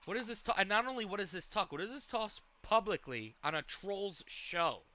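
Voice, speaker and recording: A man rants his way through a live reaction stream, swearing and circling back on his points. His voice sits a little high for a man. It comes through bright and crisply clear. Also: sing-song, moderate pace. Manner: rambling, profane ranting. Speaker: streamer host.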